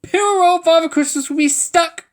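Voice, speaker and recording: A woman's voice: very high voice, normal speed, pitched above the performer's own voice. A woman reading a storybook aloud, voicing a scheming male goblin villain with a sneering, gloating manner. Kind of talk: storybook voice acting.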